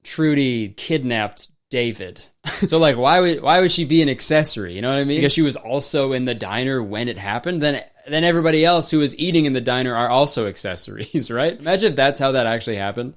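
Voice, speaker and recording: A man's voice: mid-range voice, expressive, quick pace. A young man in his twenties doing sarcastic, profane comedic commentary on a movie.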